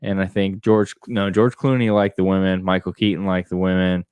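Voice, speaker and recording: A man's voice: sits low, level tone, moderate pace, darkish tone, clean tone, no room sound. A man co-hosting a podcast in casual chat, with blunt, crude joking banter. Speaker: podcast co-host.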